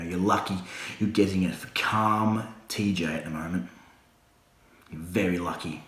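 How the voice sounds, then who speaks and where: Furious deep-voiced wrestling promo man. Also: moderate pace, fairly bright tone, echoey room, a little hiss or hum. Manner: swearing, threatening, heated. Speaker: backyard wrestling promo talker.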